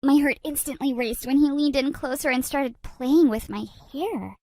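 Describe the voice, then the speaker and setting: A woman's voice: high-pitched, moderate pace, hardly any pauses, no room sound, clean studio sound. A woman narrating a dramatic, comic storytime tale in first person. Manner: dramatic, expressive.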